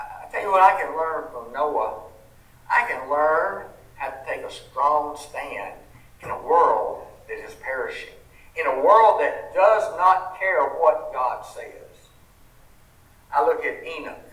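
A man's voice: on the high side, a bit bright. A man with a Southern US accent preaching a sermon, earnest and folksy, asking the congregation rhetorical questions. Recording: roomy sound from a distant mic.

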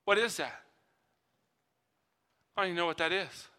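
Male preacher as a confused angel, stammering questions, high and sharp. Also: big-room sound. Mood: baffled. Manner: halting, incredulous questions. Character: baffled angel puzzling over mercy.

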